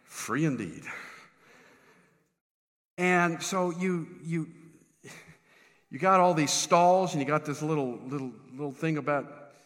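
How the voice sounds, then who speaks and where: A man pastor, telling a self-deprecating funny story in a sermon, animated with lots of restarts. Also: on the high side, takes it slowly, pauses often, big-room sound. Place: church sanctuary.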